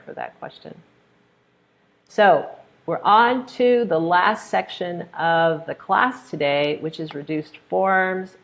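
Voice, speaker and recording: A woman's voice: low voice, vocal fry. A woman with an American accent teaching pronunciation in a live online webinar, explaining with examples and answering viewers' questions in a friendly way.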